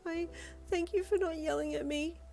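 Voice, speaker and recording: A woman's voice: very high-pitched, steady tone, moderate pace, vocal fry, warm tone, pitched above the performer's own voice. A woman voicing a timid young woman who talks shyly and apologetically with a wobbling voice. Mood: tearful.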